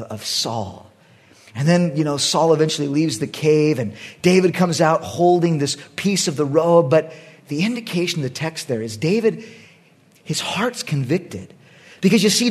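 A middle-aged man preaching a sermon as pastor, swinging between loud bursts and hushed, quiet asides. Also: fairly high pitch, husky.

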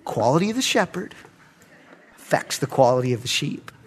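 A middle-aged man preaching a sermon, moving from shouted lines to soft, laughing asides. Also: mid-range voice, big pitch swings, normal speed, slightly rough. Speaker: pastor.

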